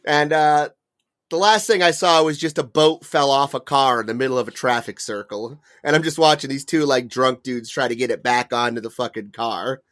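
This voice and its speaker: A man's voice: medium pitch, normal speed, a bit bright. A young man co-hosting a podcast, telling a long profane story in a rambling way full of "like" and "uh.". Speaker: podcast co-host. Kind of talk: casual storytelling chat.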